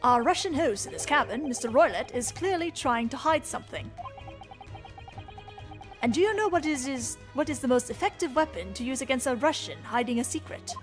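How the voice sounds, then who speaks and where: Woman doing a grandiose gentleman detective. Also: high voice, expressive, a little fast, soft background music. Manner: grandiose, theatrical. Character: pompous eccentric male gentleman detective. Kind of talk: reading game dialogue aloud.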